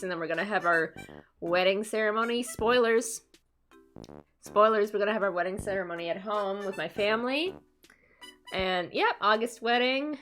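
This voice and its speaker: A woman's voice: medium pitch, fairly bright tone. A young woman from Canada chatting casually on a live stream, laughing often and answering her chat.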